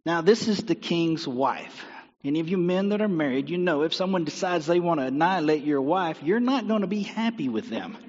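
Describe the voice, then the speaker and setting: A man's voice: fairly high pitch, animated, fairly quick. A man preaching a sermon, retelling a story animatedly with rhetorical questions. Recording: dull sound with long hall reverb.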